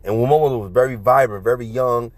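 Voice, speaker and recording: A man's voice: medium pitch, quick pace, no room sound. A man rambling through a casual monologue, profane and repetitive, often laughing. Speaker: vlogger.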